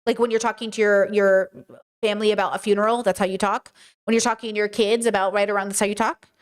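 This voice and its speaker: A woman hosting a stream, giving casual commentary in an emphatic, animated way and repeating her points. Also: mid-range voice, fast talker, clear, resonant tone. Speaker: streamer and podcast host.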